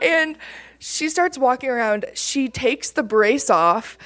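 A young woman from Michigan telling a personal testimony story, laughing often and getting excited as she talks. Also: high voice, slow. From Michigan, USA. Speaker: campus ministry team member.

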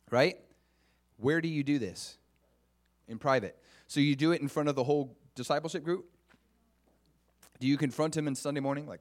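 A man preaching a conversational sermon, earnest and often putting questions to the congregation, with frequent restarts. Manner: earnest, with restarts and lively pitch swings.

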